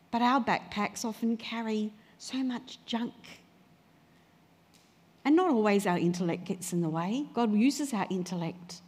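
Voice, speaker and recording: A woman delivers an earnest sermon at a middling pitch, slowing right down to repeat her key phrases for emphasis. Her voice rings with a long reverb, as if from a church hall. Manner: earnest, varied pace with slow emphatic repeats. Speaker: preacher.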